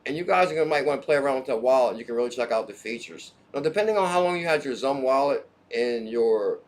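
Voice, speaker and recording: Hyped guy on a livestream, jumps around topics, calls out chat, mid-pitched voice. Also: animated, quick pace. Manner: hyped, hops between topics, shouts out chat viewers. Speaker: crypto livestream host.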